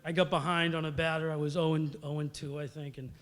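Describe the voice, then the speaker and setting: A man's voice: a little high, little pitch movement, fast talker, a bit bright, long reverb tail. A middle-aged man gives an acceptance speech. He tells stories conversationally, with fillers, and acts out the quotes. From Massachusetts. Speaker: hall of fame inductee.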